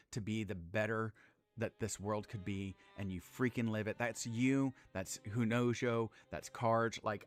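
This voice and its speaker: A man in his thirties streaming a game, talking casually, swearing freely and turning earnest when he praises others. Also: lowish voice. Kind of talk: casual gameplay commentary.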